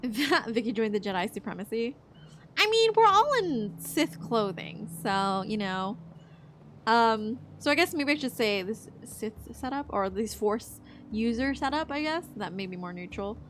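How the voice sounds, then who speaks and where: Young woman, game streamer, chatty and profane, voice sits a bit high. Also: lively intonation, measured pace, fairly bright tone, a little hiss or hum. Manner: chatty, joking, swears freely, laughs often. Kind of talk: casual chat while gaming.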